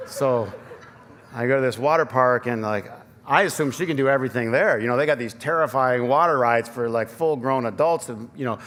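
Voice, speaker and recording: Chatty pastor in a reverberant church. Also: male voice, medium pitch, fairly quick, fairly bright tone. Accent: Michigan. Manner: conversational, self-deprecating, full of fillers. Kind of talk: sermon with personal stories. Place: church sanctuary. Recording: long church reverb, faint ambience.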